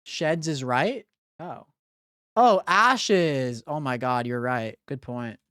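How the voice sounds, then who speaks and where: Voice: medium pitch, measured pace, no echo, clean studio sound. A live streamer chatting casually with viewers while solving word puzzles, thinking aloud with blunt, profane banter. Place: home streaming room.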